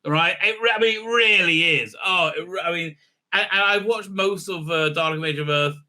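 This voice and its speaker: A man's voice: high-pitched, normal speed, bright, forceful tone. A man hosting a casual film recap and review, irreverent and joking, full of "uh, uh" fillers and swearing. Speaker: film reviewer, channel host.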